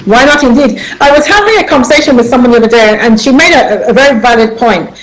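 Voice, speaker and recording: A woman's voice: on the high side, lively intonation, fast, rough recording. A middle-aged woman hosting a radio talk show, speaking emphatically and turning to her listeners directly.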